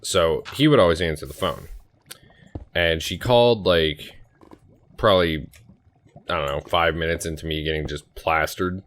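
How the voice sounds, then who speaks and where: A man's voice: deep voice, moderate pace, long pauses, a bit bright. A man in his twenties chatting casually through a rambling personal story while playing a game, full of fillers. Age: 20s. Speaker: gaming YouTuber.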